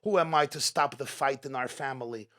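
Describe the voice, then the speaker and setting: At a religious gathering in a community event hall, a man delivers an inspirational talk in a medium-pitched, bright, forceful voice at a fairly quick pace. He's rhetorical, repeating his questions for emphasis.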